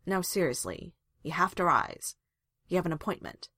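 A woman voicing a wry, joking man who is a loyal best friend, in a bright, light manner. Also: fairly low pitch, sing-song, moderate pace, no echo, clean studio sound, full character voice. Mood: teasing.

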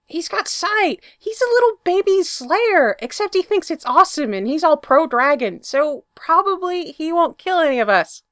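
A woman's voice: very high voice, big pitch swings, normal speed, few pauses, a bit bright, no echo, voice pushed up, exaggerated voice. A nervous, defensive man with a scratchy throat, read by a woman. His voice rises and falls a lot as he talks. The recording is dry and close.

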